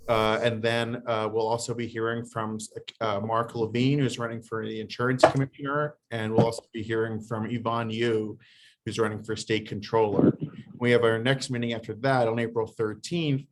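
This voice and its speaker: Man chairing a club meeting, halting. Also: lowish voice, level tone, slight background noise. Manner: halting, many fillers and restarts.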